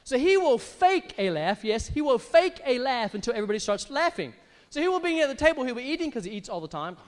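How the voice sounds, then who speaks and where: A middle-aged male pastor preaching with a very high, lively voice that swoops up and down. His sermon rings through a large hall with a long reverb. He often bursts into exaggerated laughs. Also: fast talker. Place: church hall.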